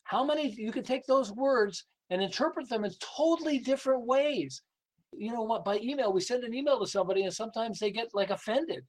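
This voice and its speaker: A man's voice: very high voice, brisk, low-quality recording. An older man, a guest being interviewed as a sales and behavior coach, telling stories animatedly and acting out voices. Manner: animated, acts out quoted voices, laughs often. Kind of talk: lively interview storytelling.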